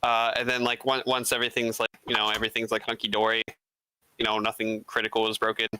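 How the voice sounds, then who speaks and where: A man's voice: fairly low pitch, monotone, quick pace, sharp tone, clear, resonant tone, dry recording, rough recording. A man playing a tabletop game, rambling through his character's plans with lots of fillers. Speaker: player. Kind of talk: casual tabletop chat.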